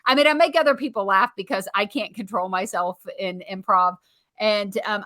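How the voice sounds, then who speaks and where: Bright giggly woman co-host. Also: fairly high pitch. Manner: giggly, self-deprecating. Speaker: podcast co-host. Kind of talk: casual podcast chat.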